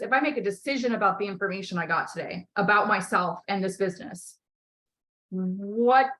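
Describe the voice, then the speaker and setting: Woman coach, emphatic and emotional, swears freely, mid-pitch. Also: sharp tone, poor audio. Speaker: coach and podcast host. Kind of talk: candid coaching conversation.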